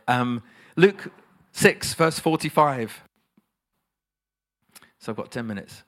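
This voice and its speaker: A man's voice: medium pitch, takes it slowly, pauses often, fairly bright tone. A man preaching a sermon, emphatic and asking his listeners rhetorical questions.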